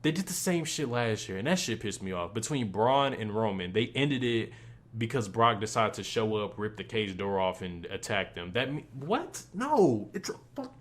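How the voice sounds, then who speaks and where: A man's voice: lowish voice, very animated, normal speed. Young man ranting, profane and exasperated. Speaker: wrestling reviewer. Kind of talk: casual ranting review.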